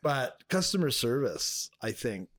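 A male podcast co-host in relaxed chat, laughing often and slipping into quoted voices. His voice sits at a middle pitch. The recording is dry and close. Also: measured pace, no echo. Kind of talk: casual chat.

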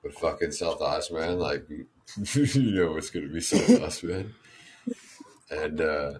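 A man's voice: extremely low pitch, expressive, slow pace, a little mellow, slightly rough. A man in a casual online group chat on a cheap microphone, grumbling and swearing. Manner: profane, grumbling. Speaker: voice chat participant. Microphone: cheap online voice chat mic.

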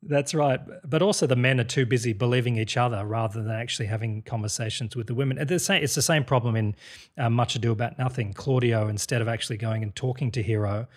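A man's voice: medium pitch, fast. A man coaching an actor through a Shakespeare speech, explaining rhythm and word choice. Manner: encouraging, analytical, many restarts. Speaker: acting coach.

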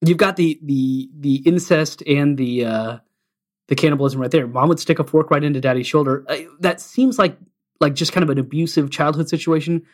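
Reflective man in podcast chat. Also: on the high side. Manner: reflective, pauses with "um". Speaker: podcast co-host. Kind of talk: casual chat about an album.

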